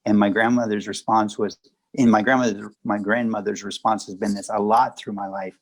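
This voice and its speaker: A man speaking as a guest at a spiritual gathering, answering questions in a calm, reassuring way. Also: lowish voice, brisk, poor audio. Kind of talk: conversational storytelling.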